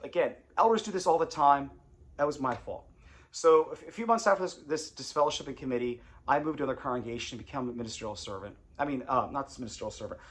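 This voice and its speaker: A man's voice: mid-range voice, fairly bright tone. A man and former congregation elder telling his story in a casual, confessional way, rambling and repeating phrases.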